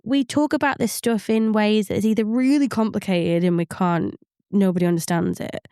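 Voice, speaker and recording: A woman co-hosting a podcast explains workplace psychology at a steady, measured pace, with plenty of ums along the way. Her voice is smooth and clear. The sound is dry and close to the mic. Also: medium pitch, no room sound. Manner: measured, explanatory, with frequent fillers. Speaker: psychologist co-host. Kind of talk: podcast advice chat.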